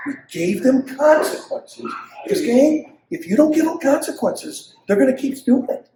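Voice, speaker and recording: A high-voiced older man preaching a parenting talk with big swings in his delivery. He slips into the voices of children and parents as he teaches. The sound is roomy, with a faint hum of ambience behind him. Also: distant mic. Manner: animated preacher who acts out quotes of kids and parents. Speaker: pastor leading a parenting session. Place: church hall.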